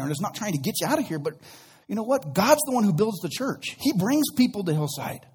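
Pastor, male, higher voice, slightly husky, storytelling sermon, casual slang. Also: very animated, fast, darkish tone. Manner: storytelling with acted-out quotes; conversational, uses casual slang.

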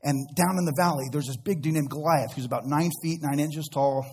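A man's voice: a little high, a little fast, a little mellow, breathy edge. A man preaching a sermon as pastor, retelling a Bible story conversationally with acted-out quotes and casual slang.

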